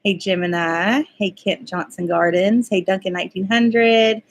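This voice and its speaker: A woman's voice: mid-range voice, steady tone, a little slow. Giggly woman on a livestream. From Kentucky. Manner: giggly, reads out viewer names. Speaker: co-host of a homestead livestream. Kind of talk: casual live chat.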